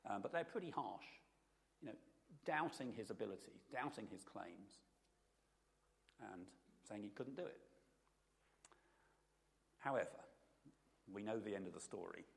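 A man preaching a relaxed, chatty sermon, his voice gravelly with a low rasp. He keeps turning to his listeners with quick asides and questions. The sound rings out with the long echo of a large hall. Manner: conversational, asks the audience often. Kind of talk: informal sermon.

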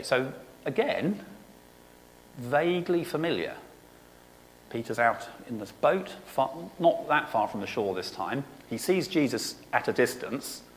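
Guy preaching, relaxed and chatty, keeps saying okay, a little background hiss. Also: mid-range voice, rough recording. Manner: conversational, often says "okay". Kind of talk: sermon with scripture reading.

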